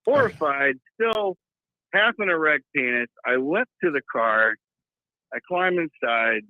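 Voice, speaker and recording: A man telling a wild story in a casual, profane, animated way over a remote call. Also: fairly high pitch, measured pace, dry recording. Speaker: guest. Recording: tinny phone-like line, dry.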